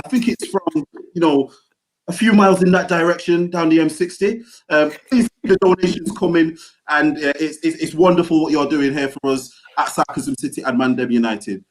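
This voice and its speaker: A young man co-hosting a football podcast in slangy, animated banter. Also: on the high side. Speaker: podcast co-host. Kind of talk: casual podcast chat.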